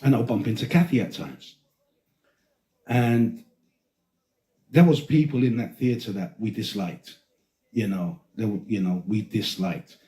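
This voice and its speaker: A man's voice: on the low side, unhurried, pauses often, dark tone. A man hosting a podcast, telling stories in casual chat, rambling, laughing and swearing as he goes. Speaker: podcast host. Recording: roomy echo.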